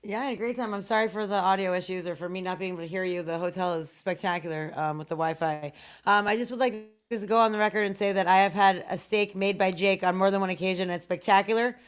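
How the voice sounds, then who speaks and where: A woman's voice: medium pitch, steady tone, quick pace, few pauses, clean tone. A woman co-host on a video call from a hotel room, chatty and effusive, swearing casually. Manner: chatty, profane, effusive thanks. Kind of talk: casual chat.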